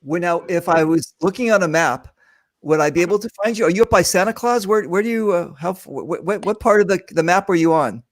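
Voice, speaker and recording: Man host, joking rambly talk show on a video call, fairly high voice, dry sound. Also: brisk, no room sound. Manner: joking, rambling, many fillers. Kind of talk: casual video-call chat.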